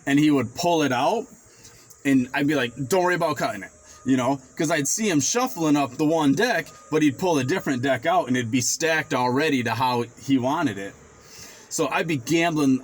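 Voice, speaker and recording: A man's voice: fairly high pitch, normal speed. Rambling male vlogger telling stories. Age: 40s. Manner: rambling, animated when quoting himself, swears freely. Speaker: finance vlogger. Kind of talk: casual storytelling vlog.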